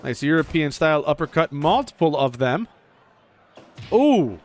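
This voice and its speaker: A man giving casual play-by-play commentary over a video game wrestling match, excitable, jumping up in pitch on the big moves. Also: moderate pace.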